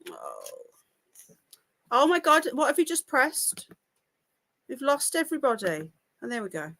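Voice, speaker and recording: A woman's voice: high-pitched, huge pitch swings, unhurried, long pauses, fairly bright tone. A woman hosting a casual live stream, talking to her pets in cooing baby talk. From United Kingdom. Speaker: livestream host.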